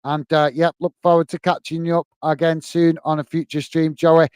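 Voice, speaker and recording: A man's voice: on the high side, flat delivery, normal speed, a little mellow, clear, resonant tone, no room sound. Tired man signing off a stream. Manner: friendly, repetitive sign-offs, many fillers. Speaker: football channel host. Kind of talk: live stream chat reading viewer comments.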